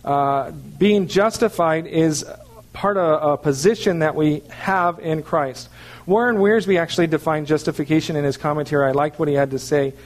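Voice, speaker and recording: A man's voice: on the high side, normal speed. A man preaching a sermon, explaining scripture in an earnest teaching manner and checking in with his listeners. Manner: earnest teaching with frequent "okay" check-ins. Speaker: pastor.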